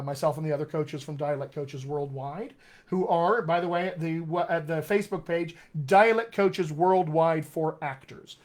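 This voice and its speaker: A man with a loud, booming voice and a General American accent with West Texas and upstate New York touches, a dialect coach reading viewer comments and answering them on a live stream. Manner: articulate, reads viewer comments aloud and answers warmly. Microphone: webcam or computer mic on a live stream.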